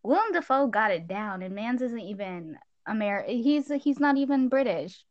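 A teenage girl casually chatting as she reviews a film, lively and full of retellings. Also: moderate pace, dry recording, lo-fi sound. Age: teens. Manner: animated, acts out scenes in squeaky voices. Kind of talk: casual chat.

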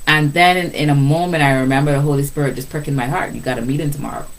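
Low-voiced woman giving an animated faith talk. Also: rapid-fire, faint music behind, rough recording. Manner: animated, repetitive, laughs often. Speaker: Christian speaker.

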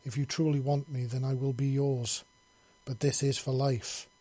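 A man's voice: mid-range voice, level tone, normal speed, warm tone, dry recording, natural voice. A man voicing a powerful female alien hive queen, speaking in an intense, pleading way.

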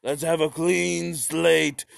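A callous male dictator, as a man puts him on, barking out blunt, brutal orders. His voice stays close to the performer's own, just louder and gravelly. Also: fairly high pitch, level tone, slow pace, dry recording, heavily acted.

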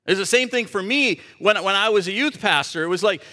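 A man's voice: sits high, brisk, hardly any pauses, pushed and bright, in a large hall. A man preaching a sermon as a pastor, emphatic and asking the audience rhetorical questions.

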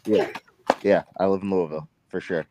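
A man's voice: sits low, steady tone, a little fast, highs cut off, very noisy. A young man hosting a podcast, rambling through a profane story with lots of fillers. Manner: rambling, profane anecdote-telling with many fillers. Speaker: podcast host. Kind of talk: casual storytelling chat.

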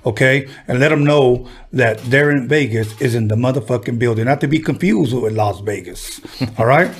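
A man's voice: medium pitch, moderate pace, slight background noise. A man hosting a casual podcast, joking around in a crude, playful way. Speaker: podcast host.

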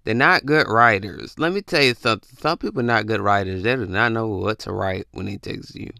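A man rants casually into a close, dry microphone. His voice is bright and carries a gravelly edge, and he jumps into high, startled voices to mimic people texting back. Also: a little fast, no room sound. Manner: animated, acts out confused texters in jumpy high voices. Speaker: podcast host. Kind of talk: casual comedic rant. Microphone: close mic.

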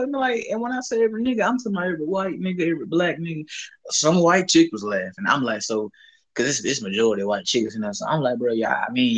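A man's voice: medium pitch, fast. A young man with a Southern US accent, co-hosting a casual barbershop chat and telling a story in profane slang. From Southern United States. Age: young adult. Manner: animated storytelling, profane slang, acts out quotes, laughs often. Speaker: co-host.

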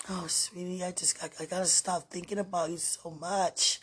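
A woman giving an emotional, prayerful spiritual monologue on a podcast, repeating phrases and often dropping to hushed murmurs. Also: on the low side, flat delivery, normal speed, hardly any pauses, husky. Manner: repeats phrases, many fillers.

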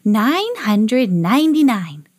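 A woman voicing a crowd of hungry little Martians in a storybook, calling out slowly together. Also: fairly high pitch, big pitch swings, a little mellow, heavily acted. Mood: excited. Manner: chanting slowly in unison.

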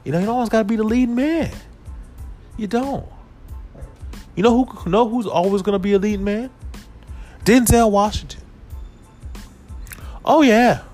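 A podcast host goes on a comedic, laid-back rant, his voice swooping up and down. He's animated, shifting pitch and loudness, and occasionally puts on a low, exaggerated voice.

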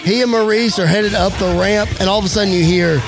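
A man giving energetic play-by-play wrestling commentary over a game. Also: sits high, a little fast, vocal fry, music in the background. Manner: energetic play-by-play, occasional slips. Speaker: game narrator.

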